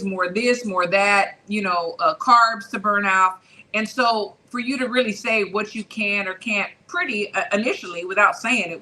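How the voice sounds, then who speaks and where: Bright-voiced woman hosting boxing chat. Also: medium pitch, rough recording. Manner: conversational, reads out viewer comments. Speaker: host. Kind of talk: casual boxing talk show.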